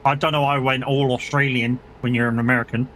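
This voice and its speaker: A man's voice: medium pitch, little pitch movement, fast, fairly bright tone, slight background noise. A man streaming a game live, chatting casually, swearing freely and bantering with his chat. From United Kingdom.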